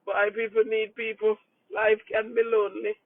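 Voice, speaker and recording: A tearful woman pastor speaks from a moving car, her voice breaking as she stumbles and repeats herself. The sound is thin and phone-like, with a close, dry feel and no room around it. She pleads warmly and prayerfully for her congregation's support. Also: fairly high pitch, little pitch movement, dry recording. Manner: emotional, repetitive, halting, prayerful. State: crying.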